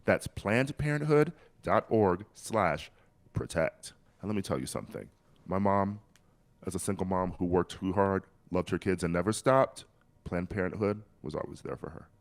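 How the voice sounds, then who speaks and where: A man's voice: sits low, brisk. A man co-hosting a podcast, reading ads and asking a guest questions in a chatty, theatrical way. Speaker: podcast co-host. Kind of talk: casual chat and ad reads.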